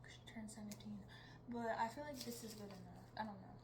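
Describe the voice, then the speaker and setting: Talking fast in a mid-range voice with fairly even intonation, a young teen vlogger rambles casually from one topic to the next. She laughs often, and there's background noise.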